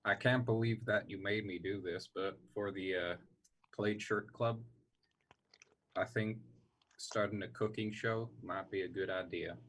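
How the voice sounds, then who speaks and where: Husky, slow-talking man doing improv. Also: on the low side, fairly even intonation, fairly bright tone. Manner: playful, hammy, slips into put-on voices. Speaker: improv performer. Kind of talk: comedic improv scene. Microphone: video call.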